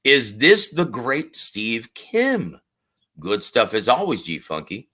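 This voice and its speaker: A man's voice: medium pitch, slow pace, husky. A man, a ring announcer and commentator, chatting effusively on a live show with a slight lisp. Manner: effusive, animated, calls people brother. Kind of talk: casual live-stream chat.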